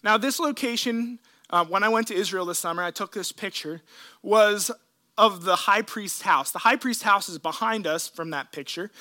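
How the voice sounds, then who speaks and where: A man preaching a sermon, retelling scripture in an earnest, emotional way with dramatic pauses. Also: sits high, bright, forceful tone. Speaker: pastor.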